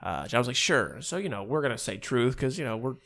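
Rambling storyteller man, animated. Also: medium pitch, quick pace, creaky. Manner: rambling, animated, acts out quotes in raised voices. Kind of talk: casual storytelling among friends.

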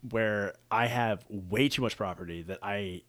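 A man's voice: on the low side, measured pace, fairly bright tone. A young adult man co-hosting a podcast, joking and self-mocking, laughing often. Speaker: podcast co-host. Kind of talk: casual chat.

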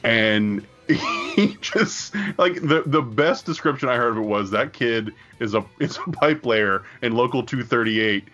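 Co-host dude at a diner, cussing and cracking up, pitch jumps everywhere, soft music behind. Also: male voice, wildly swooping pitch, highs cut off. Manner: laughing, swearing, halting with "uh" and "like". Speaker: podcast co-host. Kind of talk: casual profane banter.

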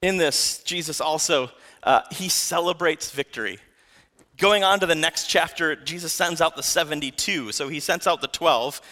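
Bright-voiced young man preaching. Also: a little high, normal speed. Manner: casual and animated, full of "like". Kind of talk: sermon.

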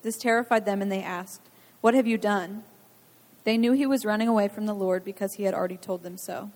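Female scripture reader, steady and measured, long hall reverb. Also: medium pitch. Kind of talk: reading scripture aloud.

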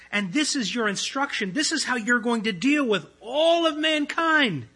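Bright, husky-voiced man preaching. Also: very high-pitched, lively intonation, moderate pace, few pauses, rough recording. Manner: earnest, conversational preaching with swings between loud and hushed. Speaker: pastor. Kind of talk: sermon. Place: church.

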